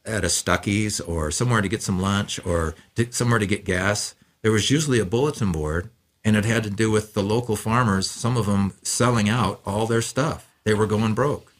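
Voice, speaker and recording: Easygoing man telling stories on radio. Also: lowish voice. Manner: rambling, easygoing storyteller with many fillers. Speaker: musician guest. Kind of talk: casual storytelling interview. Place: radio studio.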